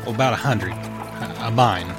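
A man voicing a high-strung, blustering cattle rancher with a put-on western rural drawl, swearing and stumbling over his words. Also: moderate pace, music in the background, lightly acted. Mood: grumbling.

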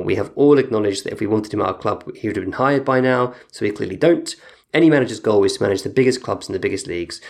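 Lowish-voiced man reading listener emails. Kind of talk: casual podcast chat.

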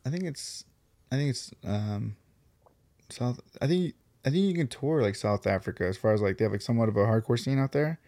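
A man hosting a podcast in casual chat, halting and restarting his sentences with many fillers. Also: mid-range voice, warm tone. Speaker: podcast host.

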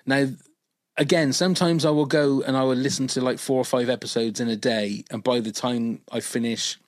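A man co-hosting a podcast, chatting casually at a middle pitch. He rambles enthusiastically, full of fillers and restarts. The sound is dry and close, with no room echo. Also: steady tone, brisk. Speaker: podcast co-host. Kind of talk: casual chat.

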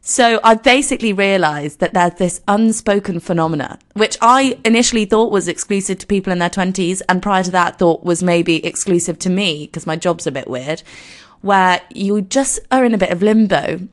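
A woman in her twenties with a croaky voice, hosting her podcast in a chatty, self-deprecating, rambling way. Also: mid-range voice, normal speed. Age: 20s. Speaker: podcast host. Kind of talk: casual solo podcast intro.

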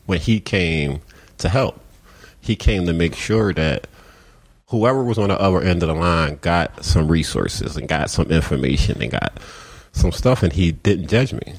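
A man's voice: sits low, a little slow, husky. A man with a Philadelphia accent, founder of a community organization, telling stories in a casual interview and acting out the voices of people he quotes. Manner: animated storyteller, acts out quoted dialogue. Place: outdoors on a city street.

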